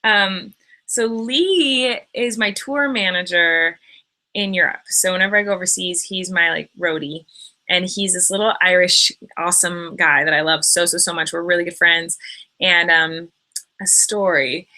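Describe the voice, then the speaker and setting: A woman's voice: lowish voice, fairly even intonation, a little slow, pushed and bright. A young woman hosting a late-night live stream, chatting casually and gushing about friends, with lots of fillers and quoted voices. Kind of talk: casual chat. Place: indoors at home, late at night.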